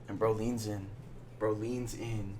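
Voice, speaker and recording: A young man telling a rambling, slang-filled story in a casual monologue, dropping to a hush when he quotes his friend. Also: lowish voice, little pitch movement, measured pace, noisy background. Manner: slangy, rambling, drops to hushed tones when quoting.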